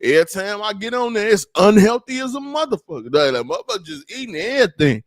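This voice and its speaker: A man hosting his own livestream, ranting in a loose, slangy, rambling way with plenty of animated asides. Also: sits high, fast talker, dry recording, studio quality. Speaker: livestream host. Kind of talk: casual livestream rant.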